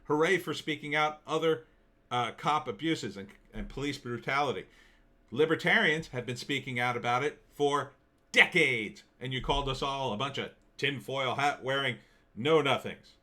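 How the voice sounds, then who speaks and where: A man delivering a ranting opinion commentary, exasperated and sarcastic, breaking into loud bursts. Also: mid-range voice, moderate pace. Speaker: commentary vlogger.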